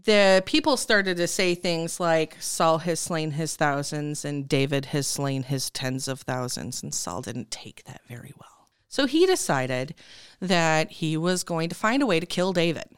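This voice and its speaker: A woman retells an old Bible story for her podcast co-hosts in an easy, chatty way and laughs often. Her voice sits low for a woman and sounds smooth and clean. The recording is close and dry. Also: animated, a little slow, dry recording. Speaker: podcast co-host. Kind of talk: casual Bible discussion.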